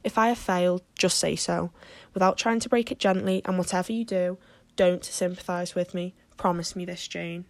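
A woman's voice: fairly low pitch, steady tone, moderate pace, no echo, lightly acted. A woman reading the lines of an earnest, ambitious teenage girl who speaks in an impassioned, wordy way. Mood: anxious.

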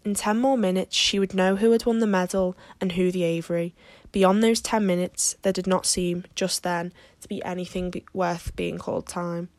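A woman reading a classic novel aloud as an audiobook narrator, in a steady, measured way. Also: on the low side, no echo.

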